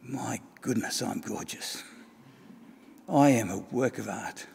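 A man's voice: a little high, quick pace, big-room sound, a little hiss or hum, natural voice. A man voicing a talking clay cup that tells of its painful making, crying out and whispering dramatically. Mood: awed whisper. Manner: dramatic storytelling, cries out and whispers.

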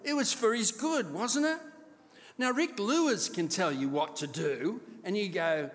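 A man's voice: high-pitched, big pitch swings, unhurried, fairly bright tone. A man preaching a sermon as pastor, often asking his congregation questions to keep them alert. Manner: quizzes the congregation, rhetorical questions. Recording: long hall reverb.

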